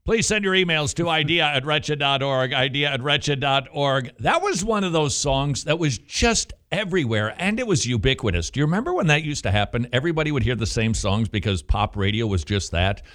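A man's voice: fairly high pitch, fairly quick, few pauses. A man hosting a Christian radio talk show, chatting casually and drifting into passionate preaching. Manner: animated, teasing, slips into sermon cadence.

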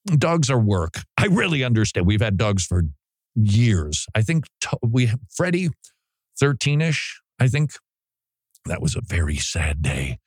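A man's voice: lowish voice, very animated, unhurried, slightly rough, no echo, clean studio sound. Chatty joking male radio host. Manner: chatty and joking, laughs often. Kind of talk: casual radio monologue. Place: radio studio. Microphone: studio microphone.

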